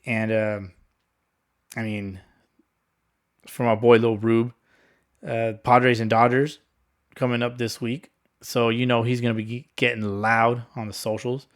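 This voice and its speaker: A man hosting a casual solo sports podcast, talking in a rambling, laid-back monotone with some sarcasm and swearing. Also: mid-range voice, unhurried, pauses often. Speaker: podcast host.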